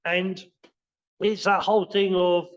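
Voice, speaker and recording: A man's voice: high voice, level tone, slow pace, dull audio. A man, a martial arts teacher, explaining his practice in a rambling way, full of fillers and restarts, as a podcast guest. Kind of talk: casual spoken explanation in a podcast interview.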